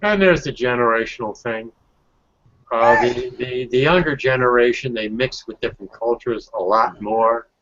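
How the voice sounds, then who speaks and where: A man who is a guest on a panel, chatting casually in a halting way with many restarts. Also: mid-range voice, fairly bright tone, slight background noise. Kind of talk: casual chat. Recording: dull lo-fi sound.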